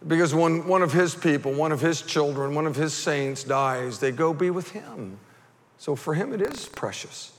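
A male pastor preaching an animated sermon that swings from quiet storytelling to fervent shouting. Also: on the high side, normal speed. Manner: animated, builds to fervent shouting, acts out voices. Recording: reverberant church hall.

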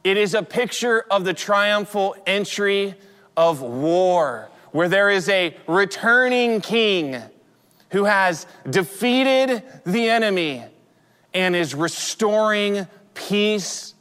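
A man's voice: sits high, expressive, slow pace, fairly bright tone, clear, resonant tone. A man in his forties preaching a sermon as pastor, telling stories in a conversational way with frequent restarts. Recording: long hall reverb.

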